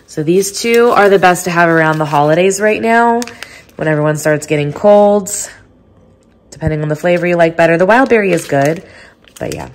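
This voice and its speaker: Woman, thirties, stuffy nose, nasal, slightly low pitch, casual vlog chat. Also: normal speed. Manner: chatty, upbeat, many fillers. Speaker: vlogger.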